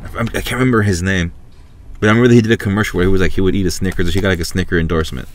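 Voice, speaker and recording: A man's voice: low voice, steady tone, racing, slight background noise. A man hosting a podcast, talking casually into a podcast mic in a loose, rambling way full of fillers and swearing. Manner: rambling, filler-heavy and profane. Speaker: podcast host. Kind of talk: casual chat. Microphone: podcast microphone.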